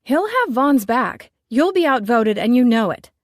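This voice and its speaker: Stubborn, loud woman chef, a little higher than the reader's own voice, as the female narrator puts her on; dry, close sound. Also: sing-song, measured pace, no echo. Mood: combative. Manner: loud, insistent, sharp retorts. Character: fierce petite woman chef, bossy and stubborn.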